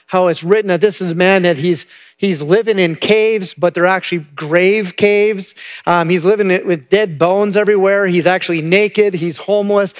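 A male pastor retelling a Bible story in a conversational sermon, often repeating words as he goes. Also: high-pitched.

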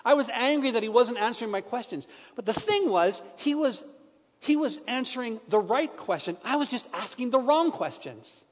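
A middle-aged man preaching a personal testimony sermon in a church, earnest, moving between hushed and emphatic. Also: very high-pitched, animated, moderate pace, long reverb tail.

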